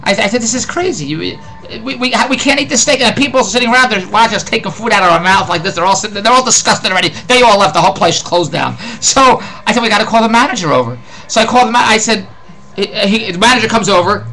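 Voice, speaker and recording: A man's voice: high voice, quick pace, bright, forceful tone, rough recording. A middle-aged man with a Philadelphia accent, ranting in a rambling, exasperated comic monologue and repeating himself. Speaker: host.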